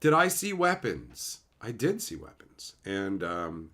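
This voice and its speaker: Animated man chatting on a livestream. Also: on the low side, slow. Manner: animated, swearing, mimics others. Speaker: streamer. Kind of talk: casual livestream chat.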